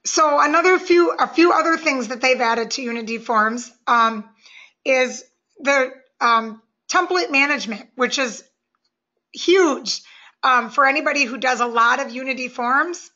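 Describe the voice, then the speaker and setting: Bright high-voiced woman presenter. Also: measured pace, highs cut off. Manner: friendly, explains step by step. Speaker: software presenter. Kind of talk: webinar walkthrough.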